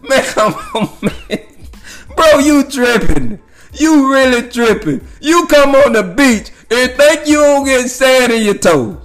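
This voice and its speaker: Man vlogger, casual profane rambling storyteller, high lively voice. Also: a little slow. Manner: profane, laughing, rambling with many fillers.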